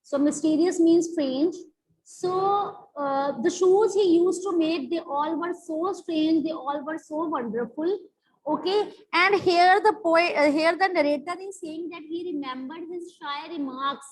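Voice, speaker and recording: An English teacher with an extremely high-pitched voice leads a classroom lesson on a story, slowly and repetitively explaining what words mean again and again. The recording is rough, with a little hiss or hum.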